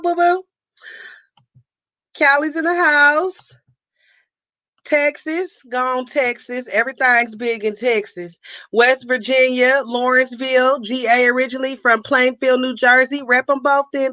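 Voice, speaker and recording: A high-pitched woman with a bright, forceful voice hosts a casual livestream chat, calling out her viewers one by one with upbeat hype. She's from Northern California. The sound is dry and a bit dull, like a lo-fi stream. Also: dry recording. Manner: upbeat, hypes viewers with call-outs and nicknames. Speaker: livestream host.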